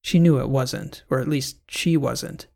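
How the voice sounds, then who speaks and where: Gravelly male audiobook narrator. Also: medium pitch, a little slow, a little mellow. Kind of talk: scripted narration.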